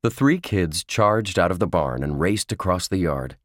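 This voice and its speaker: Deep-voiced male reader, very slow, expressive melody; children's book. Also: dry recording, studio quality. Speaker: audiobook narrator.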